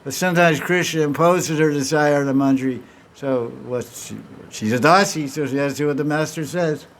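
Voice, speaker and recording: A man's voice: a little high, a little fast, slight background noise. A man giving a devotional talk, telling stories and acting out the characters' dialogue, with many restarts. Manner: acts out dialogue between characters in storytelling; frequent restarts and repeated words. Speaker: spiritual teacher.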